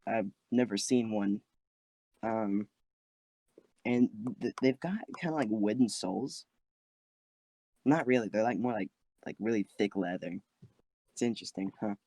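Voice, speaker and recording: A man's voice: lowish voice, measured pace, long pauses, warm tone, dry recording. A man chatting casually with friends on a podcast, rambling with lots of fillers, talking from his closet. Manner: rambling, many "like" and "um" fillers, playful. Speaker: podcast co-host.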